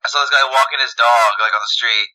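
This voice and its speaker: A man's voice: medium pitch, fairly even intonation, fast, pushed and bright, rough recording. A man co-hosting a podcast, telling a funny story in casual chat, rambling and laughing at his own stories. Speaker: podcast co-host.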